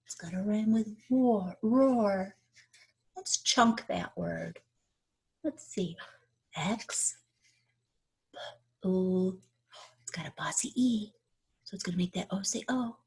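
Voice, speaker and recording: A woman teacher reads a rhyming picture book to children at an unhurried, deliberate pace. Her voice has a soft, breathy edge, and she stretches out key words for effect. She keeps stopping to quiz her young listeners on which words rhyme. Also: mid-range voice.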